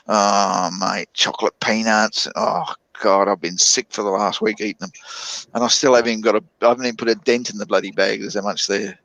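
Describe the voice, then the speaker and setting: A man's voice: lowish voice, a bit bright, dry recording. A man in his fifties with an Australian accent, rambling through a casual chat as a guest on a call, with lots of fillers. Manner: rambling, drawn-out storytelling with many fillers. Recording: dull lo-fi online call audio.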